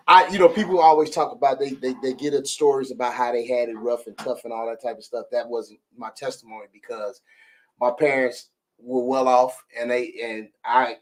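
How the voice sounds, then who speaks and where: A man's voice: mid-range voice, steady tone, moderate pace. A man hosting a church talk show, talking casually, agreeing often and laughing easily. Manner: chatty, frequent affirmations and laughter.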